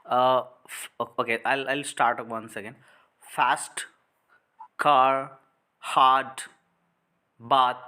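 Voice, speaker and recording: A man from India with an Indian accent, speaking slowly in a bright voice. He hesitates with fillers and repeats words after his tutor on a video call. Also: medium pitch, steady tone. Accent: Indian English. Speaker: English learner and channel host. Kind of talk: conversational English lesson on a video call.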